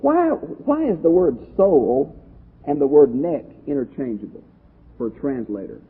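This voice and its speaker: A man from Texas, a pastor teacher giving a lively, conversational Bible study lecture and asking his class questions. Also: a little high, unhurried, breathy edge. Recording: tinny lo-fi phone-like audio.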